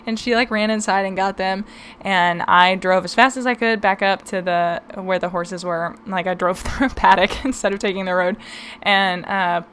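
A woman's voice: mid-range voice, steady tone, normal speed, a bit bright, a little hiss or hum. A young woman hosting a podcast, telling a story in a casual, chatty way, laughing often and filling her talk with "um" and "like". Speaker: podcast host.

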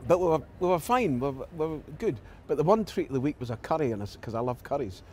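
A man's voice: fairly high pitch, quick pace, slight background noise. A Scottish man with a Glasgow accent, an actor guest telling anecdotes in an interview and acting out the voices of the people in them. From Scotland. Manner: animated storyteller acting out quoted lines.

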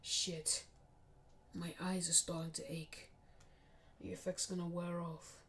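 Woman doing a determined teen boy ninja, kinda hushed and low, fan story retelling. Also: measured pace, slight background noise, lightly acted. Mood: strained.

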